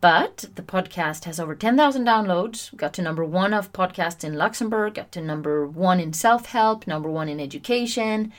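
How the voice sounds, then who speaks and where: A woman hosting a solo self-help podcast, chatty and animated, often poking fun at herself. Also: fairly low pitch, normal speed, hardly any pauses. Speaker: podcast host.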